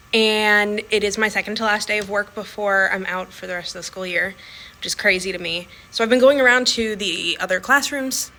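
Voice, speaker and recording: A woman's voice: medium pitch, sharp tone, rough recording. A woman talking casually in a video diary, chatty and full of fillers. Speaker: vlogger; school staff.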